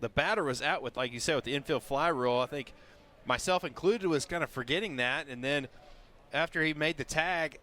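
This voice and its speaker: A man giving relaxed color commentary on a baseball game, explaining plays. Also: a little high, fairly quick, slight background noise. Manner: relaxed, explanatory, many fillers. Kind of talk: live baseball analysis.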